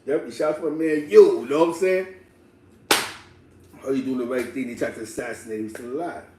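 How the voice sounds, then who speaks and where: A man telling a street story in slangy, animated casual talk, laughing and acting out the people in it. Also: mid-range voice, fairly quick, slight background noise. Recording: roomy echo, distant mic, faint ambience.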